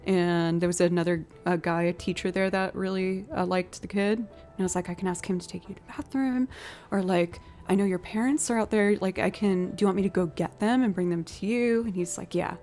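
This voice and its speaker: A woman's voice: mid-range voice, normal speed, gravelly, darkish tone, faint music behind. A young woman musician chatting casually on a live stream, telling stories and thanking viewers for donations. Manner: chatty storytelling, reads out donations.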